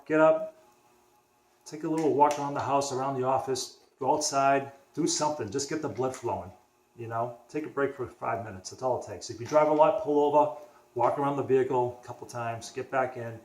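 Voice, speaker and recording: A man's voice: medium pitch, brisk, darkish tone. A young man from the Boston area telling a personal story on his vlog in a casual, rambling way, restarting sentences and acting out what others said. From Boston area, USA. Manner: rambling, restarts often, acts out dialogue. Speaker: vlogger. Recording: echoey room.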